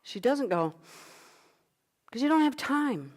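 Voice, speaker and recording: A woman's voice: sits high, very animated, slow pace. A middle-aged woman leading an online vocal workshop as a coach, guiding breathing exercises in an encouraging manner. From United States.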